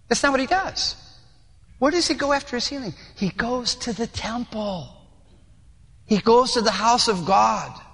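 Male pastor, sermon delivery; high, bright, acts out scenes with voices; big reverberant church sound. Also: unhurried, vocal fry, breathy edge. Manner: animated, acts out little scenes in different voices. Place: church sanctuary.

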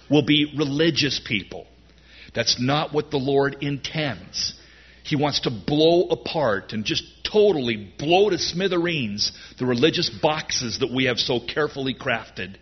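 A man preaching a sermon in an animated way, his voice rising loud on key lines. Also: on the high side, breathy edge, dull audio. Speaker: pastor.

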